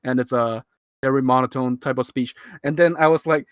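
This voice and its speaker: This streamer, a Hong Kong man in his twenties whose English accent leans partly American, reacts casually to his old video in a live stream. His mid-range voice is clear and resonant, steady in tone and brisk. He rambles, chuckles and mocks himself into a cheap USB mic, and the audio is clean studio sound with no room sound.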